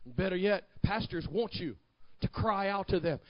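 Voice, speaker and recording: High-voiced preacher, shouting and hushing. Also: male voice, animated, normal speed, no echo, dull audio. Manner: preaching with shouted climaxes, then hushed storytelling. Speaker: pastor. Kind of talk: sermon.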